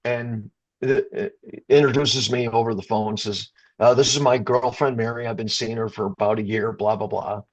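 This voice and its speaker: A man's voice: mid-range voice, fairly even intonation, moderate pace. A middle-aged man from the Chicago area, a rock singer, telling an emotional story in an interview, stumbling and restarting and getting choked up. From Chicago area, USA.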